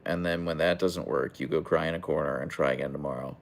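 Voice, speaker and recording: A man's voice: a bass voice, fast talker, creaky. A young man hosting a casual livestream, reading chat aloud and answering in a rambling, hesitant way with many fillers and restarts.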